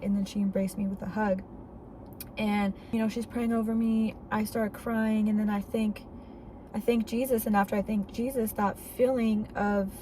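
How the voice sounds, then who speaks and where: A woman at a mid pitch tells her own faith story in a vlog, earnest and candid. She talks casually, with the odd filler. Faint ambient noise sits behind her voice. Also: warm tone, low-quality recording. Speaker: faith vlogger. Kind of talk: personal testimony storytelling.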